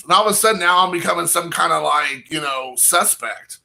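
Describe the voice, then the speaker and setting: A young man spins a long personal story in a loose, rambling way, with "like" in nearly every sentence. His voice sits a touch high and rings very bright and sharp, and he slips into quoted dialogue as he goes. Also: fairly quick, creaky, hardly any pauses. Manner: rambling, heavy use of "like" fillers, quoting himself and others. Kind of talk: casual anecdote storytelling.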